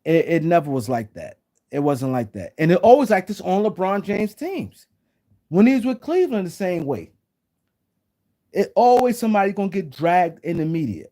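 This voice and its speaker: A man streams casual sports talk, his voice a touch high but warm and mellow. He rambles and circles back to his points again and again. Now and then he breaks off to speak to viewers in the chat. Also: sing-song, moderate pace. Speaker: sports talk show host. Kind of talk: casual live-stream commentary.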